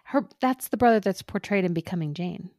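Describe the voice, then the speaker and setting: A woman's voice: mid-range voice, lively intonation, fairly quick, darkish tone, dry recording, clean studio sound. A woman co-hosting a casual podcast chat, easygoing and self-deprecating. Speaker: podcast co-host.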